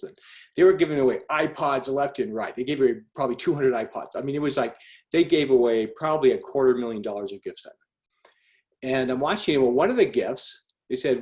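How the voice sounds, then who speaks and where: Speaking at a quick pace with medium pitch, a middle-aged man recounts something from his own life on a group call. He's animated and chatty, often restarting and using plenty of fillers.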